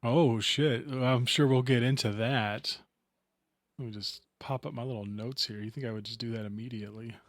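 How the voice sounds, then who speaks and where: A man co-hosting a horror podcast, easygoing and joking as he chats. His voice sits at an ordinary middle pitch. It is recorded close and dry, with no room sound. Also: fairly even intonation, moderate pace, dry recording. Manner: laid-back, chatty, joking. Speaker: podcast co-host. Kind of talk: casual chat.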